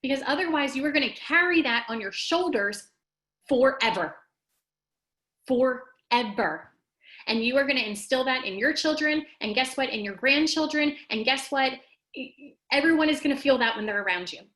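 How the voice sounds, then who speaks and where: Animated, emphatic woman with a raised pitch. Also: fairly quick, rough recording. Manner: animated and emphatic, rising high when making a point; talks straight to the audience and reads out their comments. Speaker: host of a live wellness talk. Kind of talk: casual motivational talk to viewers.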